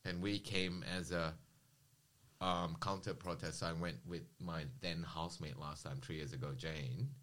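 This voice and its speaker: A man casually recounting personal experiences in an interview, with a rambling, animated manner and quoted dialogue. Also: sits low, unhurried.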